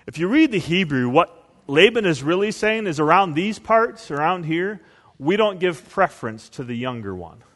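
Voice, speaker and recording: A male pastor preaching a sermon, telling stories and acting out quotes with big swings in pitch and volume. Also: big pitch swings, normal speed, a bit bright, big-room sound.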